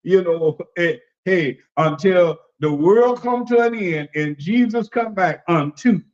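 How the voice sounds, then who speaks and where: An apostle and preacher leads a discussion, preaching in a relaxed, folksy, animated way with a high, slow voice. He repeats phrases and mimics the people he quotes, and the audio is dull and lo-fi, like a livestream.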